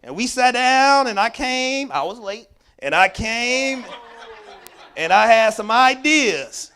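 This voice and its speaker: With a high, smooth voice, a male workshop speaker tells stories during a mental health talk held at a church. He gives the people in them voices, acting out their lines with animation, and stresses his points by repeating important words.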